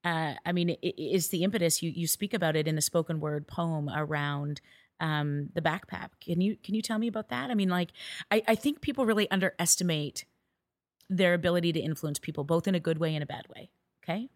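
Rambling, animated woman hosting a podcast. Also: fairly low pitch, brisk, no room sound. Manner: rambling, animated questions with restarts and mild swearing. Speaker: podcast host. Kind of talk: casual interview chat.

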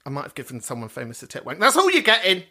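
Camp man with swooping pitch. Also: wildly swooping pitch, racing, sharp tone, a little hiss or hum. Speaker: podcast host. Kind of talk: casual chat, reading out listener messages.

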